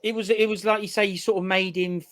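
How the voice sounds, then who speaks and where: A man hosting a relaxed podcast, his voice a touch high for a man. He eggs his guest on with quick remarks and halting starts, recorded dry and close. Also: no room sound. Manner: encouraging, halting starts, laughs often. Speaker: podcast host. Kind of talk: casual interview chat.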